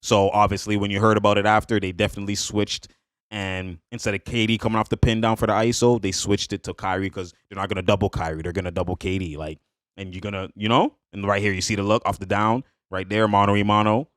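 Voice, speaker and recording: A man reacting to basketball highlights in a hyped, slangy way, laughing often and repeating catchphrases. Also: little pitch movement, fast, a bit bright, smooth, no room sound, clean studio sound. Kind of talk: excited casual highlight reaction.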